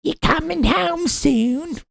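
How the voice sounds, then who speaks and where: A man voicing Britain as a clingy, nagging ex, in a sing-song falsetto. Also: slow, creaky, fairly bright tone, no echo, studio quality, full character voice.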